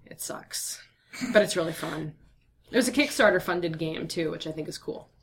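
Tired, chatty young woman with a lowish voice. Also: animated, fairly quick, gravelly, slight background noise. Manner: chatty and upbeat, many fillers and laughs. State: tired voice, slurring from talking all day. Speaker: guest. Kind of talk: casual interview answers.

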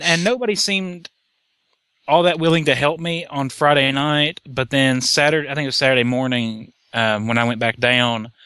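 A man rambling in casual podcast chat, halting and restarting as he recalls a convention. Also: medium pitch, bright, forceful tone, smooth, no room sound.

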